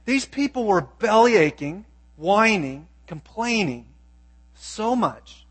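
High-voiced man preaching emphatically. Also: sing-song, takes it slowly, slightly rough. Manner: emphatic, asks the audience questions. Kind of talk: sermon with Bible reading.

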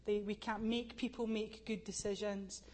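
Scottish woman on a church panel, flat voice, keeps restarting sentences. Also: mid-range voice. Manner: halting, many restarts, earnest. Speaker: panel speaker.

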